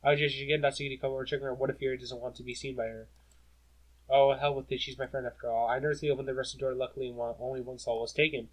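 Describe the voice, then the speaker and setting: A man casually narrating his way through a visual novel, adding quick asides of his own. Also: medium pitch, little pitch movement, low-quality recording. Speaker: game reader. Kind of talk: let's play reading of a visual novel. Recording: guitar music playing underneath. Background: guitar music.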